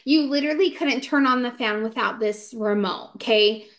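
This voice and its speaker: A young woman in her twenties, co-hosting a casual podcast, recounts a ghost story. Her voice sits a little high, and she talks fast and animatedly, packed with "like" fillers and acted-out quotes. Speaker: podcast co-host.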